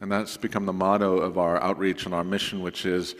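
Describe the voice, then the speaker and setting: Low-voiced male pastor in an echoey church. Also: level tone, fairly quick. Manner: conversational and folksy, with asides to the congregation. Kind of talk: sermon announcements. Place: church sanctuary. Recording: long reverb of a church sanctuary.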